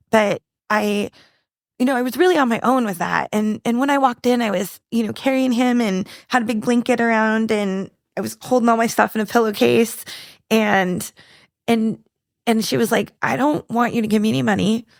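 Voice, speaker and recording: A woman speaks into a close podcast mic, recounting her past with candid earnestness. Her voice carries a light gravelly edge, and the sound is dry and close. She stops and restarts often as she searches for the right words. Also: fairly high pitch, no room sound. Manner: earnest, halting, many restarts and fillers. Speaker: podcast guest. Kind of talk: candid personal storytelling.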